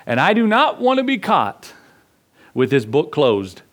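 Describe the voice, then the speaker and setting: A man's voice: on the high side, huge pitch swings, a little slow, fairly bright tone. A man preaching a sermon as pastor, asking the congregation questions and acting out little asides.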